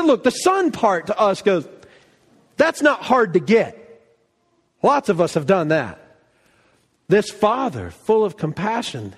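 A man preaching a sermon, telling a story with animated delivery and acting out quoted lines. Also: high-pitched, in a large hall. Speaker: pastor.

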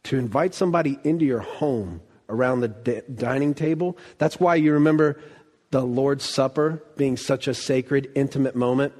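Animated male preacher in echoing hall. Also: medium pitch, normal speed. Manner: animated, acts out quoted voices, swings from loud to hushed. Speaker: pastor. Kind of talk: sermon. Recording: long reverb of a large hall.

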